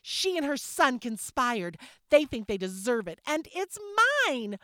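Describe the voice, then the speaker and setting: A woman's voice: medium pitch, lively intonation, normal speed, a bit bright, no room sound, studio quality, voice pushed up. A woman narrator voicing a dramatic, accusing woman in an audiobook. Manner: accusatory, theatrical. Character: accusing, dramatic grown woman with fake eyelashes. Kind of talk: audiobook character voice.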